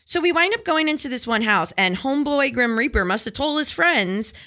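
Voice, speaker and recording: Animated bright-voiced woman telling a story. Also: high-pitched, fairly quick. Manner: animated storyteller, acts out quotes. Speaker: podcast co-host. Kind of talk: casual storytelling chat.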